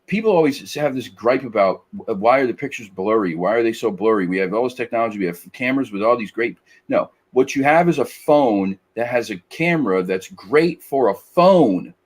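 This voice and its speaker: A man in a casual podcast chat, ranting with many halting restarts. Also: mid-range voice, expressive. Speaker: podcast co-host.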